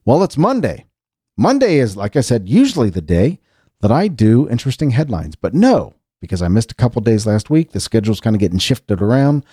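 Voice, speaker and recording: A man's voice: medium pitch, big pitch swings, brisk, mellow, husky, no echo, clean studio sound. A man hosting a casual solo show, chatting in a rambling way with frequent restarts and asides. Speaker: podcast host.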